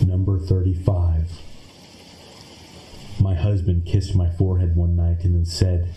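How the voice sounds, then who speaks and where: Deep, slow, flat-voiced male narrator. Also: faint music behind. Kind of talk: scripted narration of creepy stories. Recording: echoey room with faint noise.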